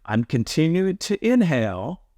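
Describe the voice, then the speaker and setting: A man's voice: fairly high pitch, sing-song, a little slow, warm tone, no room sound. A man teaching a yoga breathing tutorial, earnest and emphatic, often repeating his key points. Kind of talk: instructional tutorial.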